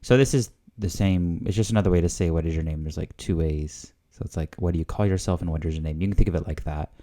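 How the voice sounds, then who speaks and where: Casual host, low mellow male voice, hesitant learner thinking aloud. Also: quick pace. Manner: hesitant, full of fillers and guesses. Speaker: language learner hosting a video series.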